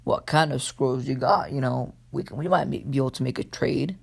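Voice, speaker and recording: Smug mocking teen ninja boy, gravelly voice, guy just doing him in his own voice. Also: mid-range voice, normal speed. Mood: taunting. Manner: mocking, taunting. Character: cocky teenage boy ninja, gleefully ruthless.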